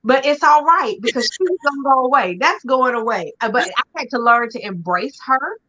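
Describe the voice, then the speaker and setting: A woman's voice: sits high, animated, normal speed, bright, forceful tone. A woman hosting a conversational talk show, chatting expressively with vivid everyday images and playful asides. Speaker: podcast host. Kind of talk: casual conversational chat. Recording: dull lo-fi sound.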